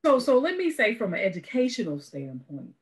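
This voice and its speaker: A woman's voice: on the high side, sing-song, a little fast, rough recording. A woman speaking as an educator on a panel discussion, earnest and emphatic.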